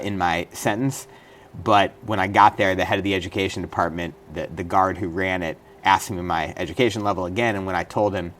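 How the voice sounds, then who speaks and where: A middle-aged man speaks as an interview guest in a very deep voice. He tells his story earnestly and in detail, now and then restarting a phrase. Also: a bit bright, a little hiss or hum. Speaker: interview guest, former state senator and prisoner. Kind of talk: studio interview.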